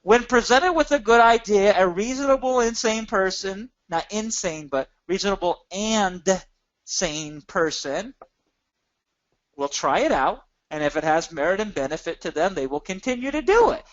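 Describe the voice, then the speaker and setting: A middle-aged man giving an energetic, emphatic sales pitch on a webinar, repeating phrases for effect. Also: moderate pace, few pauses, lo-fi sound. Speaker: product seller on a marketing webinar.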